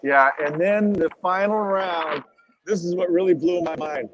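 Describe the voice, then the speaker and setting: A middle-aged man, a former drag racer, telling animated and salty stories as a podcast guest. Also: high-pitched, measured pace. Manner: animated, swears freely, acts out quotes. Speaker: retired drag racing driver as podcast guest. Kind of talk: casual storytelling interview. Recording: dull lo-fi audio.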